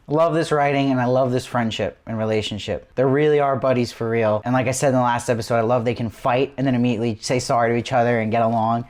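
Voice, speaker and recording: A man's voice: medium pitch, fairly even intonation, fast, hardly any pauses, a little mellow. Male host, mid-range voice, eager casual recap full of questions. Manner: enthusiastic, asks lots of rhetorical questions. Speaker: TV review host. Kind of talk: casual episode review.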